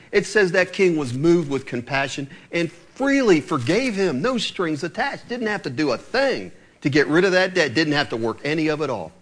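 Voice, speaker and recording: A man preaching a sermon, acting out the people in the story as he goes. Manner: animated preaching, acting out voices with swings of pitch. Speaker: pastor.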